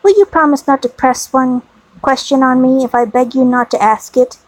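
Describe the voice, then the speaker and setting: A woman reading the part of a gentle, devoted young wife who speaks with tender earnestness. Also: sits high, fairly even intonation, moderate pace, no echo, rough recording.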